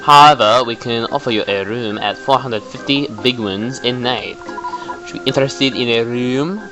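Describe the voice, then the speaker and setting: Snooty male hotel manager in a game, fake French accent, slow and haughty, as a man puts him on. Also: mid-range voice, music in the background, lightly acted, poor audio.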